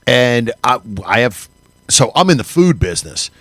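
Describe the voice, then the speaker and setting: A man co-hosting a podcast in casual chat, animated and halting, with frequent restarts and laughs. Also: medium pitch, no room sound. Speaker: podcast co-host.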